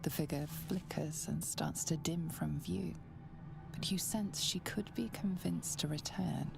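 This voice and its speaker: A solemn game narrator speaks in a hushed whisper, very low and heavily gravelly. Clear game music sits behind her. Her delivery stays slow and measured. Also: heavily acted.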